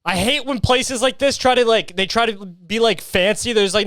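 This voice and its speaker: A man's voice: sits high, normal speed, few pauses, a bit bright, no room sound, studio quality. A young man hosting a solo comedy podcast, ranting profanely and acting out voices while sweating in a heatwave. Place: his hot bedroom.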